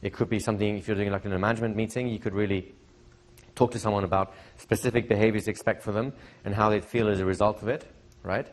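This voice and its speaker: A man's voice: fairly low pitch, steady tone, quick pace. A middle-aged man teaching hypnosis to a live seminar audience, chatty and repetitive, often checking in with questions. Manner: conversational, repeats phrases, asks the audience questions. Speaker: hypnosis trainer.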